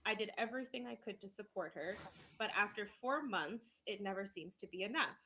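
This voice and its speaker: A young woman co-hosting a podcast, reading a story aloud in an animated way and breaking into laughs. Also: medium pitch, a little fast, poor audio. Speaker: podcast co-host. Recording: noticeable background noise.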